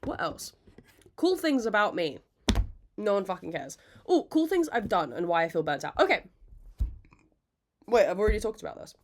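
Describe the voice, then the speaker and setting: A young woman hosting a casual podcast, rambling, self-mocking and quick to laugh, swearing freely. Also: mid-range voice, very animated, a little hiss or hum. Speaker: podcast host. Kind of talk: casual chat.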